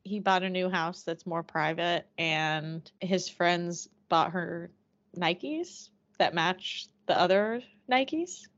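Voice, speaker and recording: A woman co-hosting a podcast in a relaxed, wry, offhand manner, pausing to find her words. Her voice sits a bit low for a woman. The sound is muffled and lo-fi. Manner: relaxed, wry, thinks aloud with fillers. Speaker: podcast co-host. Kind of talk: casual chat. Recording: dull lo-fi audio.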